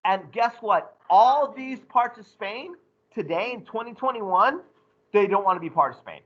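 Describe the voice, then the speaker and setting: A male teacher giving an animated, joking classroom lecture to his students. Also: high voice, normal speed, dull audio.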